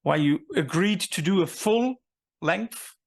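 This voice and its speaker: A man's voice: sits high, lively intonation, slow, vocal fry. A man interviewing a guest in a chatty, rambling way with many fillers. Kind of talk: casual interview talk.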